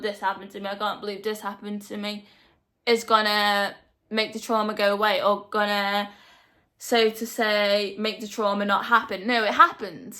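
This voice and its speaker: Earnest and direct, a young vlogger gives a motivational talk to camera and drives her message home by repeating it. She has a fairly high pitch and a sharp tone.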